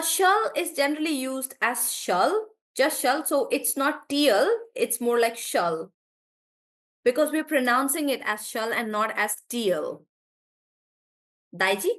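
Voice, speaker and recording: A woman teaching a live online English class, warmly praising students and slowly drawing out words as she models how they sound. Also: sits high. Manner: encouraging, drawn-out words when modelling pronunciation.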